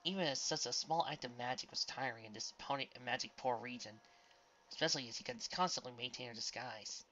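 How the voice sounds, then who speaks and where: A woman reading a fan fiction story aloud with expressive storytelling. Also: extremely low pitch, brisk, lo-fi sound, slight background noise. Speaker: reader.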